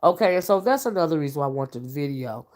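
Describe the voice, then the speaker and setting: A self-styled oracle hosts a casual livestream from home while cooking dinner, reading viewer comments in a folksy way. Her voice is low-pitched, expressive, quick and a little mellow, and she calls listeners honey and child while thanking viewers by name.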